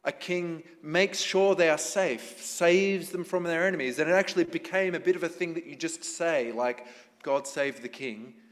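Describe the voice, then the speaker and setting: A male pastor with a fairly high voice delivers a sermon in a relaxed, conversational manner. He keeps turning to the congregation with questions. A long reverb from the church hall trails each phrase. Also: normal speed, few pauses.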